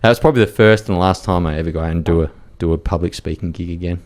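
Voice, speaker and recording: A man with a very low voice talks bluntly as a podcast guest. He rambles through a story, peppering it with fillers and the odd curse word. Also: very fast, a little mellow. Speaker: podcast guest, war reporter. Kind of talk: casual storytelling chat.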